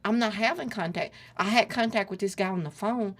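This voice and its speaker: A woman's voice: medium pitch, brisk. A middle-aged woman earnestly retelling a personal story as an interview guest, acting out the dialogue as she goes.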